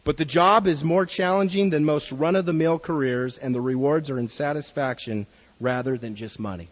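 A man's voice: on the high side, normal speed, in a large hall, lo-fi sound. A man preaching a sermon in an earnest way, reading a story aloud to his listeners.

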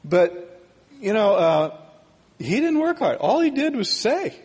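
A man teaching a sermon in a relaxed, conversational way, often checking in with "right?" and "okay?". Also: sits high, takes it slowly, slightly rough, long reverb tail.

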